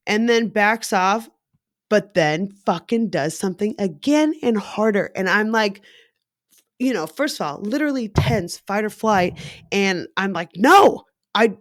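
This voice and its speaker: A woman in her thirties tells her own story in a frank, profane way, leaning on "like" and "you know". Her delivery is slow and unhurried. The sound is dry and close, with no room echo. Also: medium pitch, animated. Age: 30s. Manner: frank and profane, filler-heavy with lots of "like". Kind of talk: candid personal story.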